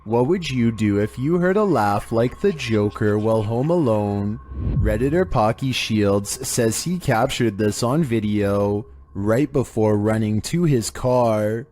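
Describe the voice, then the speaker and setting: A man narrating a creepy video countdown in a flat, monotone scripted delivery. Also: on the low side, a little slow, a little hiss or hum.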